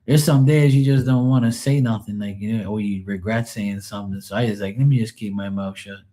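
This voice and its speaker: A man's voice: on the low side, steady tone, a little fast, dark tone. A man in his forties chatting casually on a live stream, rambling through profane stories.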